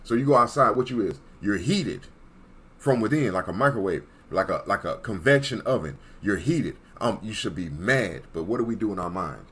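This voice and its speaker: A man's voice: sits low, lively intonation, normal speed, fairly bright tone, husky. A man giving an emphatic, preachy monologue as an online commentator, repeating points and checking in with his listeners. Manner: emphatic, repetitive, checks in with "Okay?".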